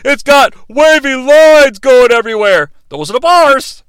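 A podcast host impersonating a blustering, loud middle-aged male wrestler, speaking slowly and indignantly. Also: very high-pitched, expressive, clean tone, no room sound, voice pushed up, exaggerated voice. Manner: slow, bellowing and indignant.

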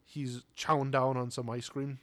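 A young man in casual chat, telling a story in a relaxed way and laughing easily. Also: medium pitch, normal speed.

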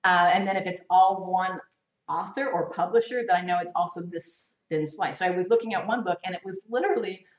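A woman teaching a women's Bible study class to a live group, lively and chatty, laughing often and acting out quotes. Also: fairly low pitch, fairly quick, far from the mic. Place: meeting room with a live class. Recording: echoey room, voice from afar.

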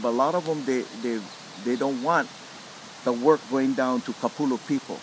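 Middle-aged man with a Hawaiian Pidgin accent, animated storyteller who acts out voices, mid-pitched, recorded outdoors with faint hiss. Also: moderate pace. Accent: Hawaiian Pidgin English. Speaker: lomi lomi practitioner. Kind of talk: storytelling interview.

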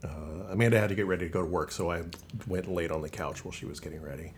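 Brief: relaxed male host, lowish voice, easygoing, trails off mid-thought. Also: slight background noise. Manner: laid-back, trails off, drawn-out fillers. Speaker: podcast host. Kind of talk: casual chat.

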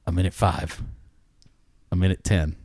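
A man's voice: fairly even intonation, unhurried, a little mellow, slightly rough, no room sound. A man telling a long joke to friends in a casual chat, acting out each character and laughing as he goes. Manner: acts out characters with big pitch jumps, laughs mid-story. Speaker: podcast co-host telling a joke.

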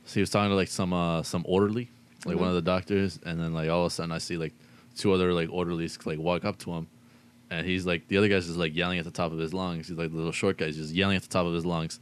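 A man's voice: low-pitched, little pitch movement, fast, clean tone. A young man in casual chat, telling an anecdote with dry jokes. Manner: dry joking, storytelling.

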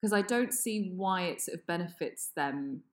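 A woman's voice: on the low side, lively intonation, normal speed. A woman co-hosting a casual podcast discussion, thoughtful and amused.

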